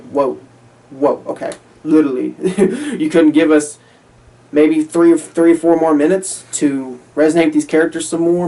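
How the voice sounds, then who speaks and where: A man's voice: fairly high pitch, a little mellow, distant mic. Man reviewing a film, exasperated rant, heavy swearing, repetitive, mic set back a little. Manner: exasperated, repetitive ranting with frequent swearing and laughs. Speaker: movie reviewer. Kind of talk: casual spoken review.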